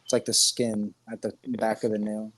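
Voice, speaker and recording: A man's voice: fairly low pitch, level tone, moderate pace, a bit bright. A man co-hosting a podcast, talking in a rambling, profane, joking way and laughing often. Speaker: podcast co-host. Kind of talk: crude casual chat.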